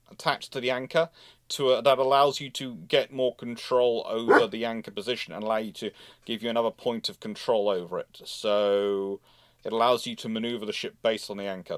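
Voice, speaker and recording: A man's voice: medium pitch, moderate pace, no room sound, studio quality. Chatty man giving a livestream history lecture. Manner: conversational, with fillers and self-corrections. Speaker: naval history lecturer and channel host.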